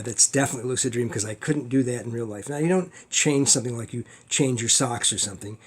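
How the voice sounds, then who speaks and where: A middle-aged man teaching a class in a casual storytelling way, acting out his own panicked thoughts in lively bursts. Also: mid-range voice.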